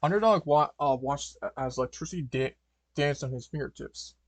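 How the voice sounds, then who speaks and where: A man's voice: on the high side, moderate pace, no echo. A man reading a fan story aloud, stumbling, restarting and correcting words as he goes. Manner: stumbling, frequent restarts and fillers. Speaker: fanfiction reader.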